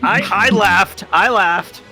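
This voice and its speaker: Excitable high-voiced man, swearing player. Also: slow pace. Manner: excitable, swears, bursts of laughter. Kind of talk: casual tabletop game play. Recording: music clearly behind.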